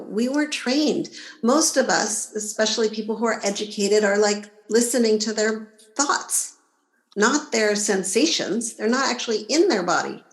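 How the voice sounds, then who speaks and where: A woman's voice: on the high side, roomy sound, low-quality recording. A woman guest on a podcast interview, explaining her ideas and acting out inner voices along the way. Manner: animated, acts out inner voices. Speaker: body-image coach, guest.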